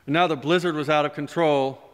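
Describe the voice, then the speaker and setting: A man, a pastor, telling a story during a sermon in a gentle, animated way, recorded in a church. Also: fairly high pitch, fairly quick, clear, resonant tone. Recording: long church reverb.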